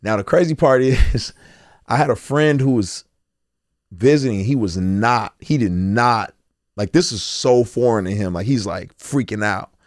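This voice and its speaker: A man's voice: mid-range voice, unhurried, no echo, studio quality. A man in his forties, a guest telling his life story candidly and acting out the voices of others. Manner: animated storyteller, acts out quotes.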